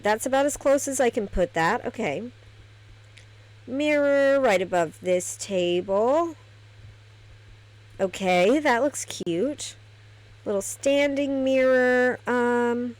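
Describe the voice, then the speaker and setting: A woman giving casual gameplay commentary, chatty and thinking aloud as she decorates a virtual house. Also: medium pitch. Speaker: gameplay streamer.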